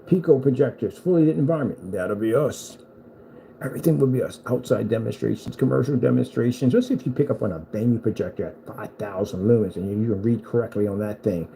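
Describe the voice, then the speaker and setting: Man, taunting rant, boastful, repetitive, gravelly, deep dark tone. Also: quick pace, slight background noise, rough recording. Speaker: screen maker. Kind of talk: trash-talking rant at a rival.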